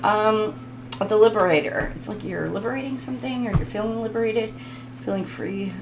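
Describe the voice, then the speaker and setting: A woman's voice: mid-range voice, normal speed, roomy sound, background noise. A woman giving a casual tarot reading, rambling, giggling and reading card text aloud. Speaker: tarot reader.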